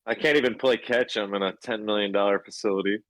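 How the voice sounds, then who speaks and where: Man, casual podcast chat, short reactions, fairly low pitch. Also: fairly even intonation, fast talker, fairly bright tone, dry recording, rough recording.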